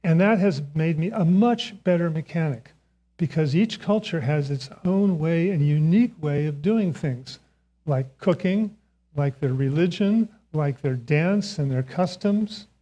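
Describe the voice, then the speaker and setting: A man's voice: fairly high pitch, measured pace, mellow, dull audio. An older man giving a Sunday sermon in a church, telling a self-mocking story and chuckling often. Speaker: speaker giving the Sunday message. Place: church sanctuary.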